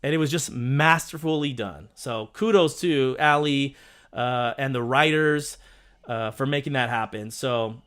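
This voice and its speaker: A man, around his thirties, hosting a casual live stream and chatting excitedly with his viewers, rambling with lots of restarts. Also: medium pitch, unhurried, smooth.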